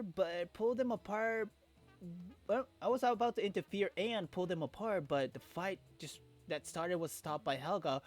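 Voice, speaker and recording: Animated joking man playing a game. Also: high-pitched. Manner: animated, joking, swears freely. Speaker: gamer reading a visual novel aloud. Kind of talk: casual game playthrough.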